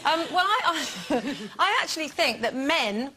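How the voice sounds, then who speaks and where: A woman panelist on a daytime TV chat show in a studio, animated and giggly. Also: sits high, normal speed, slight background noise.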